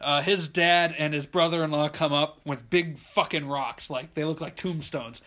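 A man's voice: on the high side, steady tone, normal speed, pushed and bright. A man casually telling a rambling, profane story and laughing often. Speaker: podcast host telling a story.

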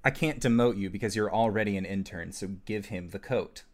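A man voicing a businesslike male guild boss who talks in a measured, persuasive way. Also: fairly low pitch, close to an everyday voice.

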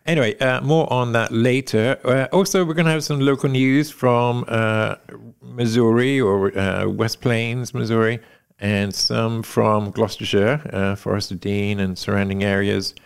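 A man's voice: medium pitch, fairly even intonation, unhurried, gravelly, smooth. A man co-hosting a podcast, chatting casually with rambling asides and lots of fillers. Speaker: podcast co-host. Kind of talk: casual chat.

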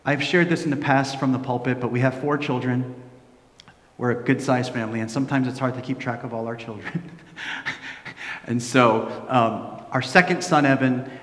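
Animated preaching man in an echoey hall. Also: medium pitch, moderate pace. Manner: animated storytelling, acting out quoted voices; drops to a soft, hushed tone for reflective points. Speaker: pastor. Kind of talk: sermon. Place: large church hall. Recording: echoey hall with long reverb.

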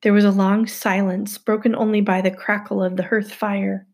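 Woman narrator, husky, some fry, steady first-person storytelling. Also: mid-range voice, normal speed. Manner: steady storytelling, hushed asides. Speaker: audiobook narrator. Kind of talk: first-person novel reading.

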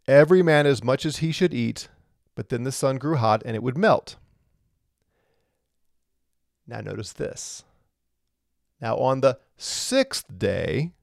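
Man with a lingering cough, teaching scripture and posing rhetorical questions; medium pitch, dry room. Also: creaky, a little mellow, no room sound. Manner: explains step by step, asks rhetorical questions. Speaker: Bible teacher. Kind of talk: verse-by-verse Bible teaching.

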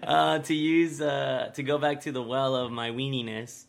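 A man's voice: medium pitch, flat delivery, normal speed, gravelly. Brief: young male podcast co-host, casual storyteller, loose, swears freely, chuckles through stories. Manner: rambling, laughs often, swears casually.

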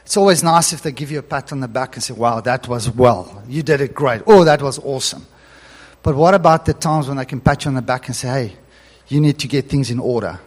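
A middle-aged man preaching a sermon in a church hall, animated and chuckling as he reads scripture aloud. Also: mid-range voice, fairly quick. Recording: long hall reverb.

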